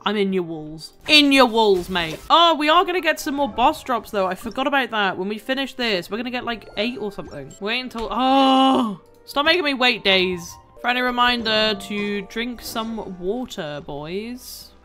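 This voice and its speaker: Brief: woman streamer, bright and sharp, slightly high, excitable and laughing, casual gameplay chatter from a home setup. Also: moderate pace, hardly any pauses, faint music behind. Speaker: gaming video creator.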